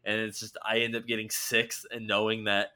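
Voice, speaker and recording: A man's voice: on the low side, completely flat delivery, moderate pace, bright, forceful tone. A man co-hosting a casual podcast, telling stories animatedly and swearing freely. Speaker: podcast co-host. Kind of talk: casual chat.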